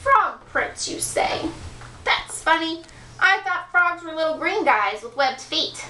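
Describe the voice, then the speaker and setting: A woman voicing a sly old female witch with a croaky voice. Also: very high voice, animated, takes it slowly, bright, forceful tone, a little hiss or hum, exaggerated voice. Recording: echoey room from far off.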